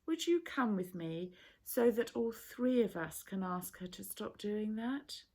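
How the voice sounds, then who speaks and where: A calm, patient male teacher in a storybook reading, voiced by a woman. He explains things softly and unhurriedly, in a slightly gravelly tone. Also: mid-range voice, unhurried.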